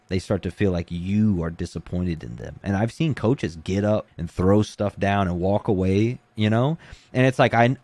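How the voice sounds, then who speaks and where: A man's voice: on the low side, no room sound. A man who coaches jiu-jitsu, talking casually and acting out the things people say to him. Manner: animated, acts out quoted voices. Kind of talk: casual podcast talk.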